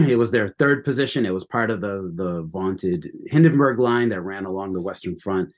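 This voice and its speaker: A man's voice: deep voice, expressive, moderate pace, darkish tone. A man from the United States, a guest on a history podcast, talking with enthusiasm and many restarts. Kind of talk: conversational history interview.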